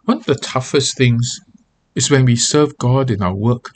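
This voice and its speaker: A man's voice: medium pitch, unhurried, darkish tone. Earnest male pastor teaching scripture. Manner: earnest, reads scripture aloud with feeling. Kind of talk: devotional Bible teaching.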